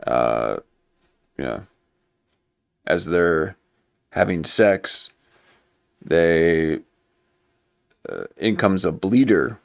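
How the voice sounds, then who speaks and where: A man's voice: deep voice, animated, extremely slow, vocal fry, pauses often. A man hosting a livestream, rambling through loose, joking commentary with many restarts. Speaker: livestream host. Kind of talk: casual conspiracy commentary.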